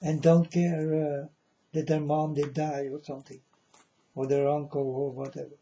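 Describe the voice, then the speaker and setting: A man's voice: a little high, flat delivery, normal speed, warm tone, highs cut off. A man talking straight to his viewers in a rambling, earnest monologue, calling them folks and insisting he is serious.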